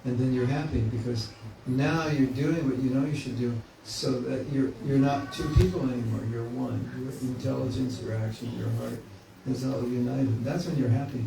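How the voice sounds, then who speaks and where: A man's voice: mid-range voice, fairly even intonation, moderate pace, gravelly, hardly any pauses, far from the mic. A man giving a spiritual class in a conversational, joking way, often acting out inner voices. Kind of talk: informal spiritual class talk. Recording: echoey room, mic from afar, faint hiss.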